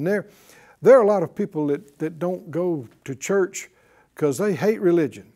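Slow, lively-voiced Bible teacher. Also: mid-range voice. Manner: conversational, asks the audience rhetorical questions.

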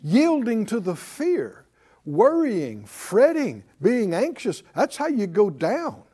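A man's voice: high-pitched, wildly swooping pitch, takes it slowly, mellow, breathy edge. A man preaching a sermon, building emphasis and drawing responses from his congregation. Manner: emphatic call-and-response preaching, rising in force. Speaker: pastor.

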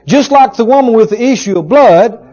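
A man preaching a sermon, retelling a story with emphatic, dramatic rising shouts. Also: very high voice, animated, normal speed. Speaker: pastor. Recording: dull lo-fi sermon recording.

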